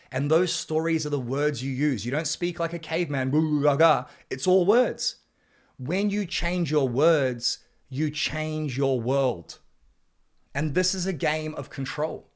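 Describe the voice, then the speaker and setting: A man delivers a self-help chapter in a blunt, preachy way, dropping swear words as he presses his points. His voice sits a little higher than most men's. He surges louder when he hammers home a message. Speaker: men's coach narrating his book chapter. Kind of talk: motivational self-help reading.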